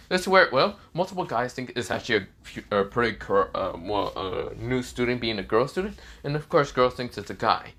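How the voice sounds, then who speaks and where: A man narrates a story in an offhand, unscripted way. He keeps repeating fillers, wanders off into asides, and swears casually. His voice sits at an ordinary middle pitch. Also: lively intonation, a little fast, hardly any pauses, fairly bright tone. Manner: rambling, filler-heavy, swearing. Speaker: fan-fiction narrator.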